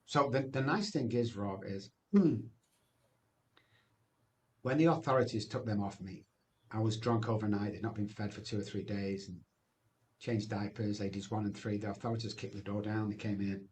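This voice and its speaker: A man's voice: on the low side, steady tone, normal speed, darkish tone, a little hiss or hum. Emphatic man in his sixties. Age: 60s. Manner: emphatic, addresses the host often, ends phrases with "man". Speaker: guest sharing his recovery testimony. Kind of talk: emotional personal storytelling.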